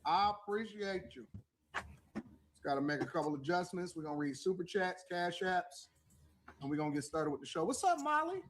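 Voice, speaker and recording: A man's voice: high voice, sing-song, normal speed. A man hosting a livestream show in casual chat, boastful, joking and crude as he reads messages.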